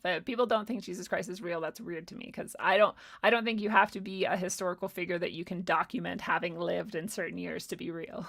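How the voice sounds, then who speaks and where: Gravelly, bright-voiced woman streamer. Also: on the low side, fairly quick. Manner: profane, laughing, animated storytelling. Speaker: livestream host answering chat. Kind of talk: casual livestream chat.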